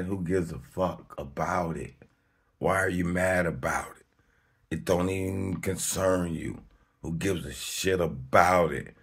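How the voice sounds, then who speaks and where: A man's voice: creaky, husky. A man hosting his own video, talking off the cuff in a slangy, emphatic way, swearing freely and laughing between points. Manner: emphatic, slangy and rambling, with sudden high-pitched outbursts. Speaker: video host. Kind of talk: unscripted monologue to camera.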